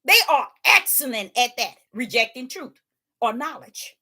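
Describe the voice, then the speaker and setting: A woman's voice: fairly high pitch, lively intonation, a little slow, pushed and bright, husky. A woman preaching informally, emphatic and rhetorical, with folksy dialect and phrases repeated for emphasis.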